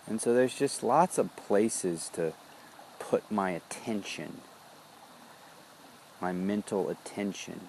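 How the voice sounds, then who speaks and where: A man reflecting aloud in a body-awareness check-in, speaking slowly and introspectively, often pausing to search for words. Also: on the low side, a little mellow, slight background noise. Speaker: founder of a wellness business.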